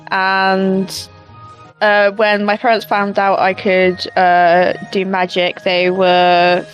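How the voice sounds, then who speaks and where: A woman tabletop player recounts her character's past, pausing and restarting often. Faint music plays in the background. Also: mid-range voice, completely flat delivery, lo-fi sound. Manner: hesitant, many fillers. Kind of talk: in-character storytelling.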